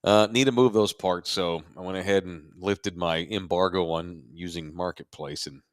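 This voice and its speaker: A man's voice: low voice, fairly even intonation, moderate pace, smooth, no echo, clean studio sound. A middle-aged man, co-hosting a podcast in laid-back, rambling casual chat. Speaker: podcast co-host.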